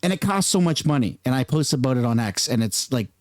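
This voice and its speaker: A man's voice: medium pitch, expressive, fast talker, dry recording. Chatty man vlogging, dry sound. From Canada. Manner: chatty and earnest, openly emotional. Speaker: YouTube commentator. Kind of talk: casual vlog commentary.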